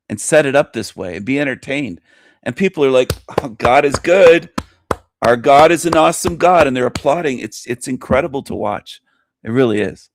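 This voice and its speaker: A man's voice: mid-range voice, no room sound, clean studio sound. A man hosting his own show, commenting on a video he plays, scornful and mocking as he rants. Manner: scornful, mocking, animated ranting. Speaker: host.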